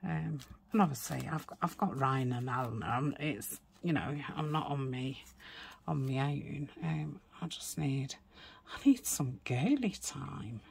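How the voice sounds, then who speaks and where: A woman chatting casually while crafting, rambling with many fillers and dropping into soft whispered asides. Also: a bass voice, lively intonation, a little slow, creaky, slight background noise. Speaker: crafting vlogger.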